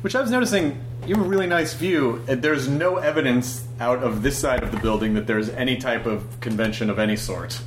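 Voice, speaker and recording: A man's voice: medium pitch, a little fast, hardly any pauses. A man co-hosting a podcast, asking playful, joking questions in a casual hotel-room interview. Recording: noisy hotel room recording.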